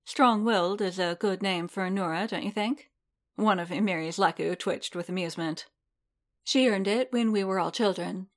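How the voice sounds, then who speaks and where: A woman voicing a graceful alien mother with a Rillish accent, speaking in a light, musical, calm way. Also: medium pitch, normal speed, natural voice.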